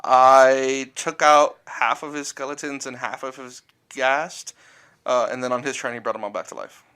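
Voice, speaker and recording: Smooth-voiced man, blunt and profane. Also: mid-range voice, fairly even intonation, moderate pace, sharp tone. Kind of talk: casual chat.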